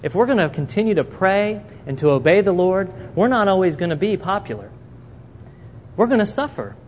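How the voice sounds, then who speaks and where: A man's voice: sits high, a little fast. A man preaching a sermon, telling a Bible story and acting out the characters' words. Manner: animated storytelling, acting out quotes. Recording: long reverb in a hall, faint noise.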